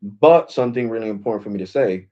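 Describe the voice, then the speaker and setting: Tech vlogger, male, lowish voice, loose street-casual delivery, muffled home recording. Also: animated, fast talker, mellow. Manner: loose, slangy and repetitive. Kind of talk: casual talk to camera. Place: his home.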